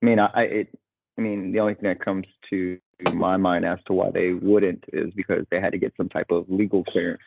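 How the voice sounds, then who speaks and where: A man with a low, gravelly voice co-hosting a casual podcast. He speaks in a measured, questioning way. His audio is dry and thin, like a phone line. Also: little pitch movement, background noise. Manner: measured, questioning, gives short backchannels. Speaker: podcast co-host.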